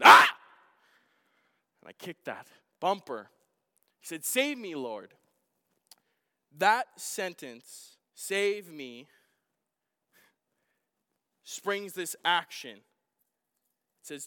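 A middle-aged man preaching a sermon as a pastor, telling a personal story with acted-out shouts. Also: high voice. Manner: animated storytelling, acting out his own shouts. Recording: long hall reverb.

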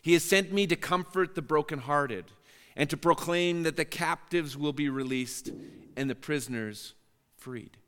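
A man's voice: on the high side, measured pace, fairly bright tone, smooth, long reverb tail. A man preaching a sermon as pastor, earnest and prone to repeating words as he restarts phrases.

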